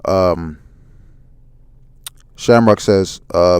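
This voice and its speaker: A man casually recapping a manga chapter, relaxed with many fillers. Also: fairly low pitch, moderate pace, clean tone, no room sound, clean studio sound. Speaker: manga reviewer.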